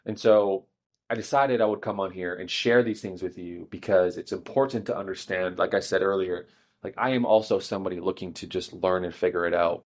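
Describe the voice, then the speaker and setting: A man's voice: deep voice, fairly even intonation, fairly quick. A man, a relationship coach, talking through a personal story in a candid, reflective solo podcast monologue. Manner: candid, reflective storytelling with self-deprecating laughs.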